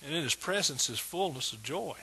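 Emphatic pastor preaching with a husky voice. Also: male voice, a little high, lively intonation, a little fast, pushed and bright. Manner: emphatic preaching, repeats words with rising intensity. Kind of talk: sermon.

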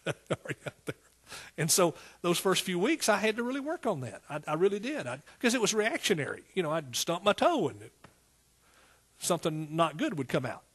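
A middle-aged man preaches with an East Texas accent, folksy and down-to-earth, calling out to his congregation for responses. His voice is husky and sits a little high for a man, and he leans on repetition as he builds. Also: a bit bright. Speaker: pastor. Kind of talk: sermon.

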